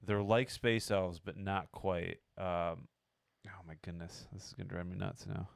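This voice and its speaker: A man's voice: low-pitched, fairly even intonation, unhurried, gravelly, no room sound. A man co-hosting a casual podcast, hesitant and full of fillers as he searches for words. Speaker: podcast co-host. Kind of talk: casual chat.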